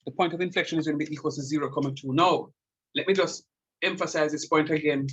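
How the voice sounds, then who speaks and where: A man's voice: fairly high pitch, fairly even intonation, fast talker, a bit bright, slightly rough, highs cut off. A middle-aged man teaching a calculus lecture, repeating key points with emphasis and checking that students follow. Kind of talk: classroom math lecture.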